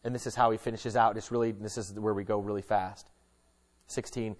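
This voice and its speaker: A middle-aged man, a pastor, giving a conversational sermon with casual jokes, moving between lively emphasis and hushed earnestness. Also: lowish voice, a little fast.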